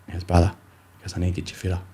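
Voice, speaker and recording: Talking at a racing pace, a young Australian rugby league player recounts his story on a podcast in a low, warm, easy-going voice. He meanders through fillers and restarts and imitates his coach when quoting him, with a little hiss or hum in the audio.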